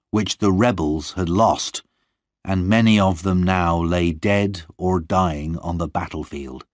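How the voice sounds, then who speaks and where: A man reading a story aloud in the first person, calm and measured, on a close mic. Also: sits low, no echo. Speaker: audiobook narrator.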